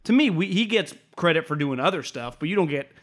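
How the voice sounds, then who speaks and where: A man's voice: on the high side, lively intonation, fast, a bit bright. A man co-hosting a sports podcast, talking football in a rambling, opinionated way and laughing often. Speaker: podcast co-host. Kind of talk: casual sports podcast chat.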